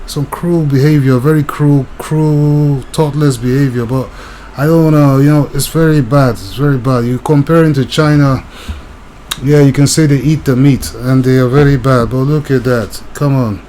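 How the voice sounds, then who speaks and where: A young man talks in a blunt, rambling monologue, circling back over his points with plenty of filler words. His voice sits at an ordinary middle pitch. A faint noise hangs behind him. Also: fairly even intonation, moderate pace, warm tone. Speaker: channel host. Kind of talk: casual monologue commentary.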